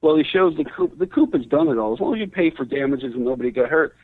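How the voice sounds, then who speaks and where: A man's voice: fairly high pitch, expressive, fast, dry recording. A man co-hosting a casual chat, blunt and swearing freely, laughing often. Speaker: co-host. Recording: dry, phone-like audio.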